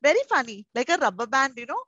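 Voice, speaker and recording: A woman preschool teacher, leading young children through an online class in an animated, playful, coaxing way. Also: sits high, fast talker, no room sound, muffled recording.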